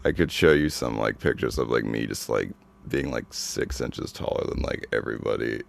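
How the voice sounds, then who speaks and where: Very deep, monotone man with heavy vocal fry. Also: moderate pace, dry recording. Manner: laid-back, lots of "like" fillers. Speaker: podcast host. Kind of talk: casual chat.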